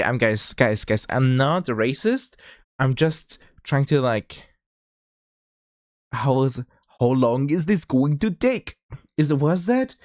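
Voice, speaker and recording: Lively young man with a German accent. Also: mid-range voice, no echo, studio quality. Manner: rambling, with frequent restarts and bursts of laughter. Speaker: streamer. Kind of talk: casual livestream chat.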